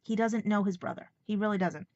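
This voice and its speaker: A woman with a New York accent speaks in a rambling, emotional personal vlog, fighting back tears as she talks. Her voice sits at a middle pitch. The recording is dull and lo-fi. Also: a little fast, a little mellow. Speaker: vlogger.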